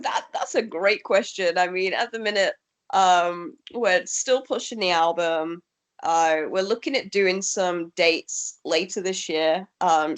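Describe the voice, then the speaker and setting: Woman rock musician, slightly low voice, relaxed and chatty interview guest who laughs often. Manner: easygoing, chatty, laughs often, many ums. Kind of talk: casual interview chat.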